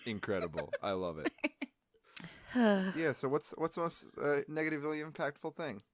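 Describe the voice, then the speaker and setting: A young man co-hosts a casual podcast, his pitch leaping up and down as he tells stories. He slips into quick impressions of other people and laughs in the middle of sentences. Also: no echo, clean studio sound. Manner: animated storyteller, mimics others and laughs mid-sentence. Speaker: podcast co-host. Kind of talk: casual chat.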